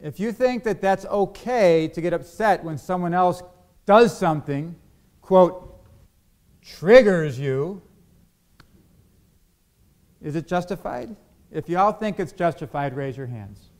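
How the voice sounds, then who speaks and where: A man gives a sermon in a church hall and keeps asking his congregation questions. His voice sits a little higher than most men's. He acts out the arguments he quotes. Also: darkish tone. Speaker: pastor.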